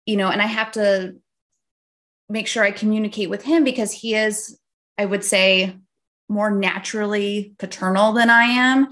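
A woman's voice: medium pitch, steady tone, normal speed, fairly bright tone. Conversational woman hosting a podcast. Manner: conversational, tells stories about her own life. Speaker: podcast host. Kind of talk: casual podcast chat.

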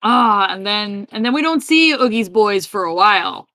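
A woman's voice: medium pitch, moderate pace, no room sound. A woman co-hosting a podcast, recapping a film in casual chat with lots of "like" and "yep". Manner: chatty, animated retelling with filler "like" and "yep". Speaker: podcast co-host.

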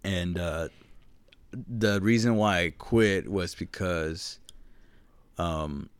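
A man's voice: low-pitched, very slow, clean tone, no room sound. A man in his twenties co-hosting a podcast, telling a story in a laid-back way, swearing and laughing often. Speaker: podcast co-host. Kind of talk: casual chat.

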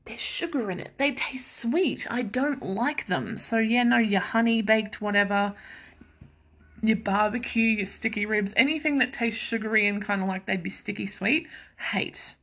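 Bright chatty woman. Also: medium pitch. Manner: chatty and self-mocking, quick asides, laughs often. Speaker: podcast host. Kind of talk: casual chat.

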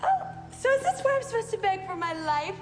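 A sarcastic snobby teen cheerleader. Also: female voice, very high voice, very animated, brisk. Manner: sarcastic, taunting. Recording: echoey film audio with loud music.

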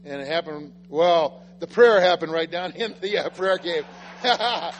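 High-voiced man telling sermon stories. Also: unhurried. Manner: animated, self-deprecating, acts out quotes. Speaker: pastor. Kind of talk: sermon storytelling. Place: church sanctuary. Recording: reverberant church hall with faint music.

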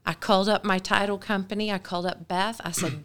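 A woman in her forties, a podcast guest, telling a story casually and briskly and acting out dialogue. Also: medium pitch. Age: 40s. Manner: brisk, animated, acts out dialogue.

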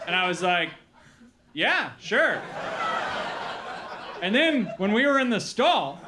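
Guy doing standup, high pitched, acts out the quotes, noisy club tape. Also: normal speed. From Milwaukee, Wisconsin. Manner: animated storytelling with acted-out quotes. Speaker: stand-up comedian. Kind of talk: stand-up comedy set. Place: comedy club with live audience.

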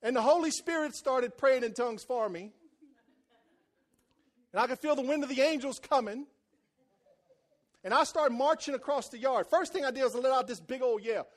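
A man preaching a sermon as a folksy personal story, loud and emphatic. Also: extremely high pitch, moderate pace, pauses often. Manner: folksy storytelling, voices quoted people.

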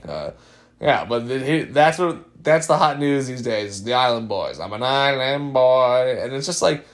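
A man's voice: mid-range voice, big pitch swings, normal speed. A young adult man hosting a podcast, chatting casually in a rambling, wry way with many fillers. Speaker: podcast host. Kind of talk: casual chat.

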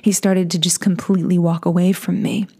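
Soft-spoken woman telling a personal story. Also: on the low side, little pitch movement, brisk. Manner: soft, confessional, slips into whispers; frequent restarts and stammers.

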